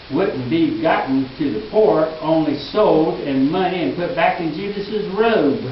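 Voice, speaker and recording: A male pastor preaching a sermon in a church, earnest and emphatic, dropping into quiet asides. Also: a little high, slight background noise. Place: church sanctuary. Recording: echoey hall, distant mic, dull lo-fi.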